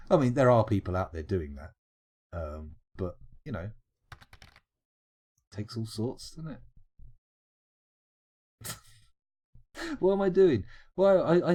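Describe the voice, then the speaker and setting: A British man hosting a late-night live stream, talking loosely to his chat and going off on sweary tangents. His voice is mellow and dark, but his pitch swings in a lively way. He stumbles and restarts often as he thinks aloud. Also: slightly rough. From United Kingdom. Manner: rambling, sweary and jokey, with frequent restarts and laughs. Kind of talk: late-night casual stream chat, reading out viewer comments.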